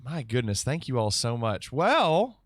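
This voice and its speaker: A man's voice: mid-range voice, big pitch swings, unhurried, no room sound, clean studio sound. A man streamer chatting casually and reacting to viewer alerts on a live stream.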